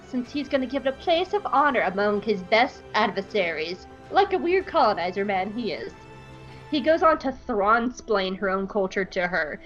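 Snarky woman recapping with lively pitch. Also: highs cut off. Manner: snarky, joking. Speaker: podcast host. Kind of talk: comedic episode recap.

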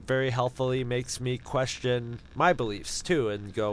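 On a low-quality recording with slight background noise, a man of medium pitch talks at normal speed, barely pausing. He's a podcast co-host recounting a sarcastic, profane story in easygoing, meandering chat, animated and prone to restarting.

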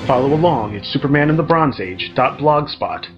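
A man's voice: mid-range voice, animated, moderate pace, highs cut off. Guy doing a dramatic promo read, music going underneath. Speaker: promo announcer. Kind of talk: scripted promo narration.

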